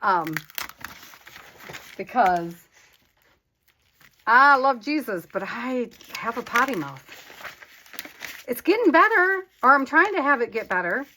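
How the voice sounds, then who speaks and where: A woman's voice: fairly high pitch, sing-song, takes it slowly, pauses often, pushed and bright, slight background noise. A woman hosting a casual crafting vlog, chatting candidly and talking to her supplies as she works. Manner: self-deprecating and candid. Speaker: crafting channel host.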